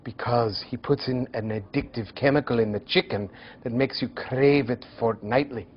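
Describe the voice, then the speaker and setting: A man voicing a loud, conspiratorial Scottish father in a kilt, ranting in a put-on Scottish accent. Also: medium pitch, normal speed, dull audio, close to an everyday voice. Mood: scornful.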